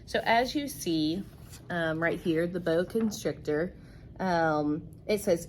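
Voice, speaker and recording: A woman's voice: fairly low pitch, takes it slowly, slight background noise. A woman teacher giving a recorded reading lesson, patient and explaining step by step.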